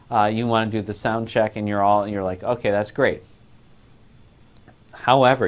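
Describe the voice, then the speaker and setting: A male voice class instructor giving a recorded lecture on a lapel mic, explaining patiently and step by step. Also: fairly low pitch.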